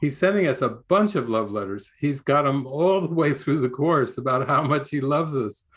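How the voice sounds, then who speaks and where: Older male spiritual teacher on a video call, mid-pitched, rambling delivery, laughs often, restarts lines. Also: expressive, moderate pace. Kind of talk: retreat talk.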